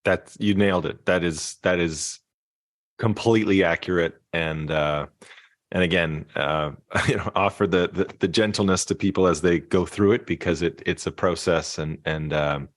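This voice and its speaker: Reflective low-voiced man. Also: no echo, studio quality. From Canada. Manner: reflective, halting, many restarts and fillers. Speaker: podcast guest, musician and keynote speaker. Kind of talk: casual interview talk.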